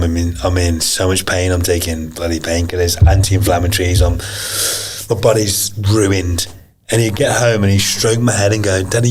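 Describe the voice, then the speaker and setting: A man, a professional fighter, talking in a casual interview in a blunt, earnest way and swearing freely. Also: fairly low pitch. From England. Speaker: podcast guest, pro MMA fighter.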